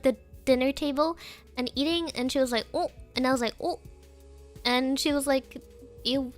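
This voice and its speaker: A young woman chatting casually on a stream, giggling often and coaxing her dog. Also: high-pitched.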